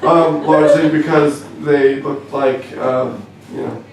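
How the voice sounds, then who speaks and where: A man's voice: fairly high pitch, steady tone, slow pace, darkish tone, far from the mic. A young Canadian man doing a stand-up comedy set in a club, wry and self-deprecating, stumbling over fillers as he goes. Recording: echoey club, voice from afar, faint room noise.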